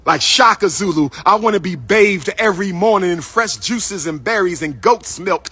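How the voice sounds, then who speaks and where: A man hosts a casual livestream, speaking straight to his viewers. His voice sits high and bright. He repeats phrases in a playful, sing-song way and calls out to the people watching. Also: animated, fairly quick, breathy edge. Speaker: livestream host. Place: indoors at his school building.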